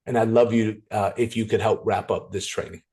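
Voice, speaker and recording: A man leading a motivational business training on a video call, talking with playful, energetic storytelling and frequent restarts. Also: lowish voice, brisk, vocal fry.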